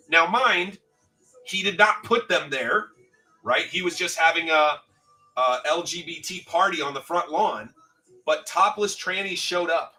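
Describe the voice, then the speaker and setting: Dude ranting on a livestream, swears a lot, sounds far from the mic with quiet music going. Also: male voice, fairly high pitch, normal speed. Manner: rambling, profane, reads out chat comments. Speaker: livestream host. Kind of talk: casual livestream chat. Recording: distant mic with faint background music.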